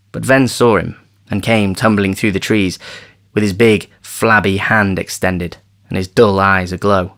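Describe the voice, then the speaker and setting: A man reading a novel aloud as an audiobook narrator, measured and steady. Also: on the low side. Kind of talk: scripted narration.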